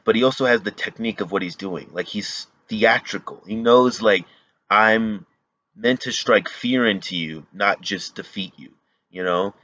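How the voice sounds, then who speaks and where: A man hosting a casual reaction video, talking excitedly and rambling with lots of fillers and restarts. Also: on the low side, lo-fi sound.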